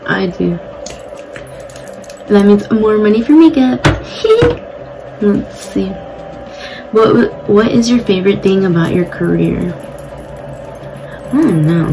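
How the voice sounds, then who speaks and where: A young woman with a mid-range voice and vocal fry speaks slowly, pausing often, while putting on makeup at home. Her get-ready-with-me chat as a beauty vlogger is casual, blunt, and occasionally profane. Music plays underneath the low-quality recording.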